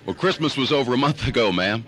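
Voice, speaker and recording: A man voicing a stiff, deadpan male police sergeant who keeps saying ma'am in a prank phone call. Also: medium pitch, quick pace, natural voice. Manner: deadpan, formal, ends lines with ma'am. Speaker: prank caller.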